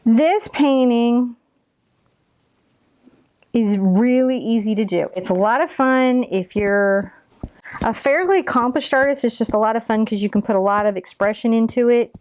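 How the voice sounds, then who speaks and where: A woman's voice: fairly high pitch, moderate pace, a little mellow. A woman teaching a step-by-step painting tutorial, chatty and encouraging as she talks through each brush stroke.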